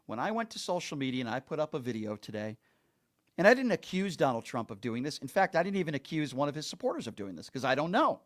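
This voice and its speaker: A man's voice: on the high side, very animated, fast talker. A man hosting a call-in talk show, speaking earnestly and emphatically and repeating his points for stress.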